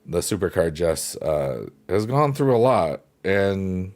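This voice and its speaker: A man live-streaming, chatting casually and reading viewer comments, soft-spoken and reflective, pausing with fillers. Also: low-pitched, sing-song. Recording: piano music playing behind the voice.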